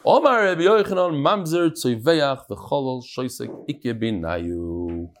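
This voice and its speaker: Animated man teaching Talmud. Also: mid-range voice, measured pace. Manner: animated, acts out quotes, swings between loud and soft. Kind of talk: classroom Gemara lesson.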